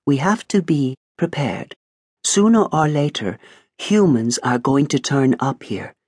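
A man's voice: mid-range voice, animated, a little mellow, breathy edge, dry recording, studio quality, pitched above the performer's own voice. A man voicing a shrewd, composed female sheep who reasons carefully. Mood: resolute. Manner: measured and reasoning.

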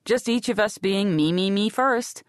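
A woman narrating a novel in the first person in a sardonic, deadpan way. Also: medium pitch, a little slow, no room sound, studio quality. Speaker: audiobook narrator.

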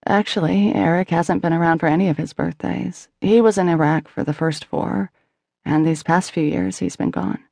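Audiobook: woman reading a wry, frank young widow, restrained, with slight vocal fry. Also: on the low side, moderate pace, mellow, dry recording, studio quality. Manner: candid, wry, restrained sadness. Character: young widowed mother, former beauty queen, wry. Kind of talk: audiobook character voicing.

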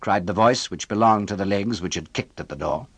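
A man narrating a classic novel as an audiobook, measured and expressive, on a close studio mic. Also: fairly low pitch, husky, no room sound.

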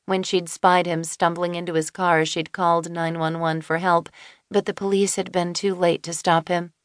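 A woman narrating an audiobook in a measured way, with dry inner asides. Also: lowish voice, level tone, dry recording. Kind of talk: scripted narration. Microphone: close studio mic.

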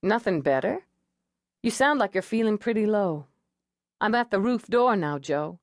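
A woman reading an audiobook voices a steady female police negotiator, calm and coaxing. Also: medium pitch, normal speed, dry recording, studio quality, close to an everyday voice.

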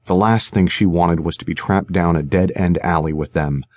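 A man narrating a suspense audiobook in a measured, tense manner. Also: sits low, darkish tone, dry recording. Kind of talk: scripted narration. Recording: dry studio recording.

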